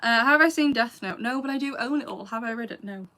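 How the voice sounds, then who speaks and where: A YouTuber in her late twenties works through questions from her live chat, chatty and laughing, often wandering into asides. Her voice is a little high, quick, pushed and bright. She's English, with a Lancashire accent carrying a slight Scouse edge.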